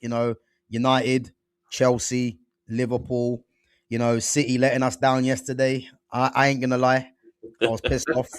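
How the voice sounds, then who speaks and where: A man hosting a casual football chat show, animated and slangy, full of fillers and restarts. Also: medium pitch, moderate pace, clean tone, no room sound, clean studio sound. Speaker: football podcast host.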